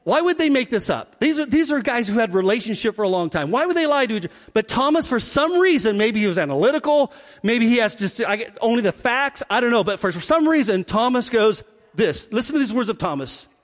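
A man's voice: very high voice, long reverb tail. A man preaching a sermon, acting out the scenes as he tells them. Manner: animated, acts out scenes with quick voice shifts. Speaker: pastor.

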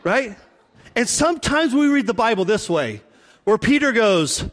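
A man preaching a sermon, telling the story in an animated way and acting out the people in it. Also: extremely high pitch, a little slow. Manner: animated storytelling, acts out voices. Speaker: pastor. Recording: long hall reverb.

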